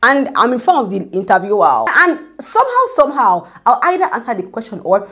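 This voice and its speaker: A woman's voice: fairly high pitch, very animated, fairly quick, a bit bright. A young woman giving an informal devotional talk. She speaks in a chatty way, often asks "do you get me?", and acts out the voices she quotes. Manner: conversational, repeats "do you get me?"; acts out quotes, drops to a whisper for prayers. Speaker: Christian speaker.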